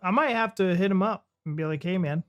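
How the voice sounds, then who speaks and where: A woman's voice: medium pitch, brisk, lo-fi sound. An American woman hosting a reaction video, chatty and bubbly with frequent laughs. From United States. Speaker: reaction channel host. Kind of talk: casual reaction chat.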